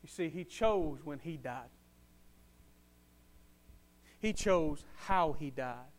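A man preaching a sermon with passion, swinging from quiet to loud and repeating phrases for emphasis. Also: a little high, lively intonation, slow.

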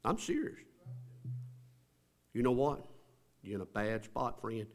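A male pastor preaching a sermon in a church, dropping to near murmurs and then rising to drawn-out shouts. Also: medium pitch, sing-song. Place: church building.

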